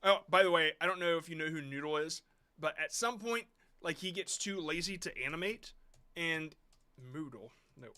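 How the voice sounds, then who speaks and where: A man's voice: on the high side, moderate pace, sharp tone, clear, resonant tone. A man hosting a live stream, reviewing viewer shorts in blunt, rambling casual talk with some swearing.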